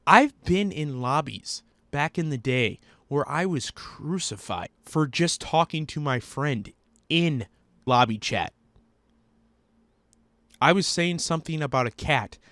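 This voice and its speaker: A man's voice: fairly high pitch, fairly bright tone, no room sound. A man hosting a commentary video, ranting bluntly and profanely. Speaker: commentary host.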